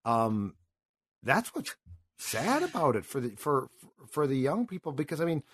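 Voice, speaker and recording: A man's voice: fairly high pitch, big pitch swings, a little slow, slightly rough. A man in his fifties hosting a sports talk show, telling stories in an impassioned, rambling and emotional way. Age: 50s. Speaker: sports radio host.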